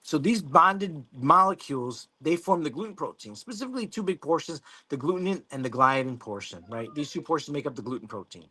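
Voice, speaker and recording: A man's voice: on the high side, animated, brisk, few pauses, pushed and bright, slightly rough. A man hosting a live stream, reading out viewer comments and chatting casually, rambling, swearing and laughing often. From Mexico. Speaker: livestream host.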